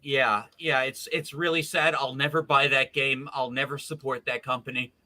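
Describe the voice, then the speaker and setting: A man's voice: medium pitch, flat delivery, normal speed, sharp tone. A man co-hosting a casual podcast chat, blunt and opinionated. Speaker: podcast co-host.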